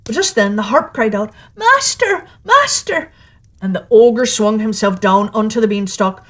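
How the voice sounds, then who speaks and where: Woman storyteller, lively read-aloud fairy tale narration. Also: mid-range voice.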